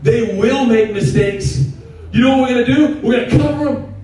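High-voiced preacher in an echoey hall. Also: male voice, moderate pace, far from the mic. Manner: impassioned, builds to shouting with laughter. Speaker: pastor. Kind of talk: sermon. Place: church sanctuary. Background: congregation responding.

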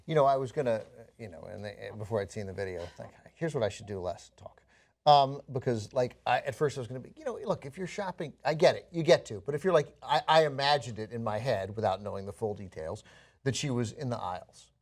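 A man co-hosting a news show, rambling and animated with frequent restarts. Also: medium pitch, fast. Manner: rambling, animated, self-interrupting. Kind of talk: casual news commentary.

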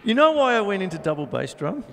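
A man's voice: high voice, very animated, quick pace, creaky, in a large hall, music in the background. A middle-aged man hosting a live drum show, chatting in a rambling way and scatting drum rhythms. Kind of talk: casual live-stream chat and drum demonstration.

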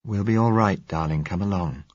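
A man reading an audiobook, voicing a blind young man who coaxes gently and speaks softly. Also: sits low, moderate pace, no echo, muffled recording. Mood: coaxing. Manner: soft, gently coaxing.

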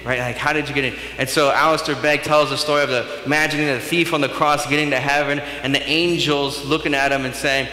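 A male pastor giving a sermon, in a conversational and animated way. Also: on the high side, fairly quick, few pauses, a little hiss or hum. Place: church sanctuary. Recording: echoey church hall.

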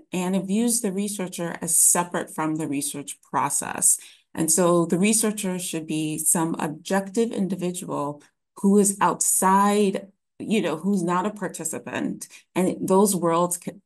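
A woman presenting an academic lecture in a webinar, explaining ideas in a measured way with frequent ums and restarts. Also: fairly low pitch.

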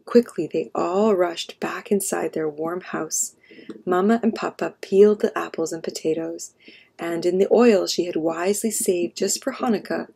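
A woman storyteller reading a children's picture book aloud in a gentle, expressive way. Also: on the low side, gravelly, slightly rough.

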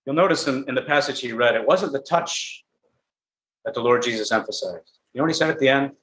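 Urgent preacher in an echoey tent. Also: male voice, mid-range voice, animated, fairly quick, a bit bright. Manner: earnest, urgent rhetorical questions. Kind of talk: gospel sermon. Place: large tent.

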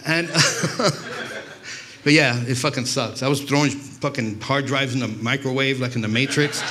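A man's voice: medium pitch, animated, unhurried, a crowd in the background. A man from New York doing stand-up, telling rambling, profane stories full of restarts. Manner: profane, rambling, self-interrupting. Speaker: stand-up comedian. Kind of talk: stand-up storytelling.

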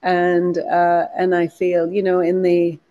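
Chatty woman with a soft Irish accent. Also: lowish voice, takes it slowly, muffled recording. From Ireland. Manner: animated, chatty, laughs often, frequent restarts. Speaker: actress and producer. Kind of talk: interview conversation.

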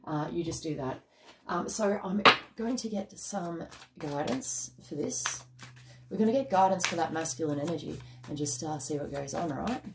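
A woman's voice: low-pitched, moderate pace, gravelly, background noise. Chatty woman reading tarot. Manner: chatty and emphatic, mild swearing, tags lines with "okay?". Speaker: tarot card reader. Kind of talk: casual general tarot reading to camera.

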